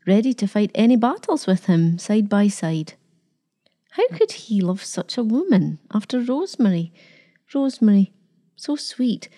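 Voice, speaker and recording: Female storybook narrator, calm and measured, with a warm, dark tone. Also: medium pitch. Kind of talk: storybook reading.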